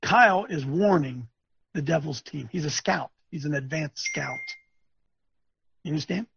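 A man hosting a webcast, delivering a preachy, ranting commentary, repeating himself emphatically and swinging between loud bursts and low muttering. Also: unhurried, vocal fry, slightly rough, no room sound. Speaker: webcast host. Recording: dull lo-fi dry recording.

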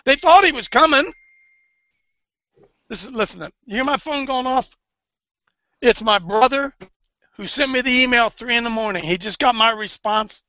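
A man preaching fervently, swinging between hushed and loud, sounding tearful. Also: very high voice, moderate pace, pauses often, no echo. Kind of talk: impassioned preaching. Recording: dull lo-fi recording.

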